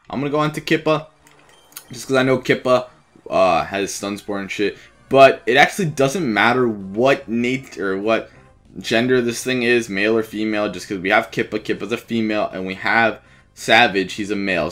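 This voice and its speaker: A young man casually commenting on his own gameplay, chatty and profane, quick to get frustrated. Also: fairly low pitch, a bit bright. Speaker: let's play gamer.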